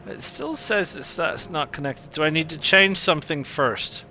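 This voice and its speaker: A man's voice: fairly high pitch, lively intonation, moderate pace, pushed and bright, faint music behind. A man with a New Zealand accent casually commentating a strategy game, thinking aloud with lots of ums. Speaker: gaming channel host.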